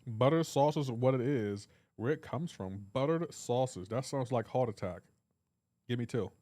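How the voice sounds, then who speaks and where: A man's voice: medium pitch, moderate pace, dark tone, dry recording, clean studio sound. A man hosting a live game stream, joking around in casual chat and answering his viewers' comments aloud.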